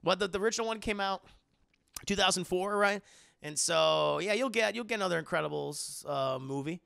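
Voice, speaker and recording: A man hosting a casual chat show, rambling excitedly, swearing freely and laughing often. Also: high voice, a little fast, creaky, clear, resonant tone, dry recording, clean studio sound. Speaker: podcast host.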